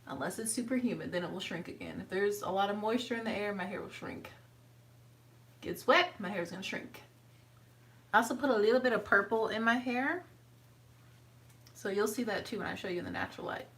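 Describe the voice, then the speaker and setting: Bright-voiced woman chatting a hair routine. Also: a little fast, long pauses, far from the mic, rough recording. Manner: chatty, talks to her dog in a high sweet voice. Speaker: vlogger. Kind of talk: casual hair tutorial chat.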